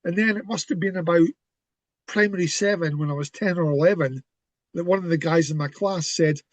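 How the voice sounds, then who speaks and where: A Scottish man in his fifties chats as an interview guest over a call. He is friendly and self-deprecating with a high-pitched voice, and the sound is dry and close. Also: fairly quick, no room sound. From Scotland. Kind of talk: casual interview chat. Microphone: remote call audio.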